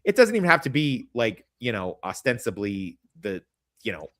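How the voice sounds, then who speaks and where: Profane podcast host. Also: male voice, fairly low pitch, big pitch swings, normal speed, fairly bright tone, dry recording, studio quality. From American Midwest, Kansas. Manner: profane, rambling, laughs often. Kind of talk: casual crude podcast chat.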